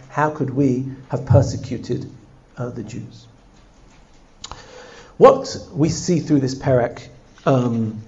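Male teacher leading a text study class, lively and questioning, slightly high pitch, muffled lo-fi recording. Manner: animated, often asks the class questions. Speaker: Torah teacher.

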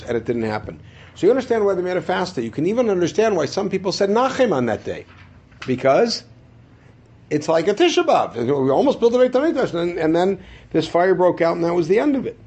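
A man teaching a Torah class, asking the room rhetorical questions and answering them himself, dropping into low asides and rising to emphatic high points. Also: creaky, darkish tone, breathy edge, muffled recording. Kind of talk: classroom lecture.

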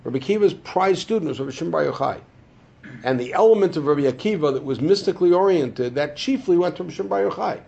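Husky-voiced man teaching a class. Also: expressive, fast, darkish tone, muffled recording. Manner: asks rhetorical questions and answers them; swings between low asides and emphatic high points. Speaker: Torah teacher. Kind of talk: classroom lecture.

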